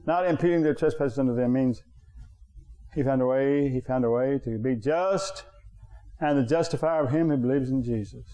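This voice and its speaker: Mellow-voiced preacher man, emphatic and repetitive. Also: moderate pace. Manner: emphatic, repeats phrases for effect; jumps higher in pitch on key points. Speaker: pastor. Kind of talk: preaching sermon.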